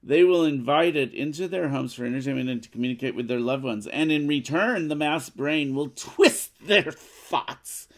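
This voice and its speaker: Cocky female villain for a board game playthrough, gloating and grand, gravelly edge, played by a man, a little high and loud. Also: normal speed, few pauses, close to an everyday voice. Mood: triumphant. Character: cocky scheming female villain, telenovela-style.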